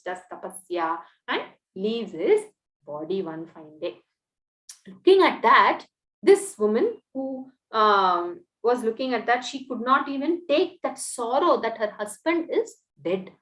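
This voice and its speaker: A woman narrating a scripture story to an audience, often checking in with "okay". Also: fairly high pitch. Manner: animated, checks in with frequent "okay". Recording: roomy echo.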